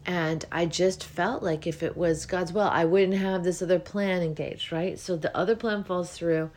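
A woman hosting a spiritual podcast, talking alone in a relaxed, meandering way and yawning often as she goes. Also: lowish voice, normal speed. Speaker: podcast host.

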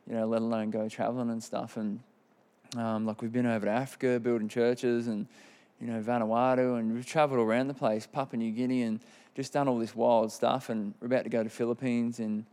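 A man's voice: mid-range voice, level tone, fairly quick, a little mellow. A man in his thirties with an Australian accent, telling his personal testimony in a candid, rambling way with many fillers. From Queensland, Australia. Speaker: testimony speaker.

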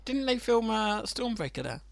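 A man co-hosting a casual film chat podcast, playful and deadpan. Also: high-pitched, normal speed, gravelly, no room sound, clean studio sound. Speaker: podcast co-host. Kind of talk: casual chat about films.

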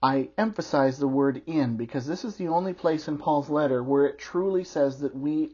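Earnest preaching man, husky voice. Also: on the high side, normal speed, few pauses, a little mellow, highs cut off. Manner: earnest, emphatic preaching with teaching asides. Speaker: pastor. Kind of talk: sermon.

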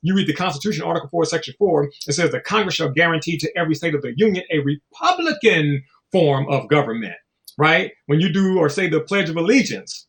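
A middle-aged man in a casual conversation, telling stories in an animated, slangy and profane way and acting out other people's voices. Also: fairly high pitch, brisk.

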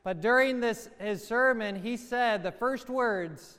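High-voiced priest preaching in a reverberant church. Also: male voice, bright, forceful tone. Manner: measured, emphatic preaching with slowed stresses. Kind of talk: sermon.

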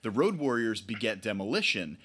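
A man's voice: lowish voice, sing-song, a little fast, fairly bright tone, slightly rough. A man co-hosting a podcast in casual chat, wry and joking, laughing often. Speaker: podcast co-host.

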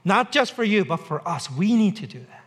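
Very animated and brisk, the pastor's high voice carries a conversational sermon at a Mercer Island church. He repeats himself for effect and slips in dry humor.

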